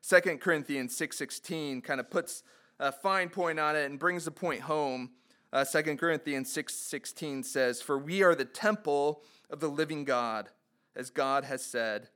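Here a preacher with a medium-pitched, slightly bright, clean-toned voice reads from scripture. He poses sincere rhetorical questions to those listening and becomes more impassioned on the quoted cries.

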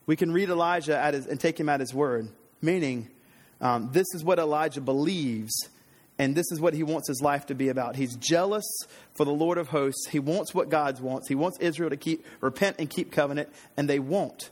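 A man preaching an earnest, conversational sermon, slightly hoarse, often restarting his sentences. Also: a little high, a little fast, big-room sound. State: slightly hoarse, throat trouble.

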